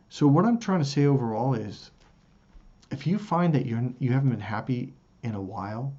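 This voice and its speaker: Animated, swearing man on a dull recording. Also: medium pitch. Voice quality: swears often, animated and rambling. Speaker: self-help video host. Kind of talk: casual self-help monologue.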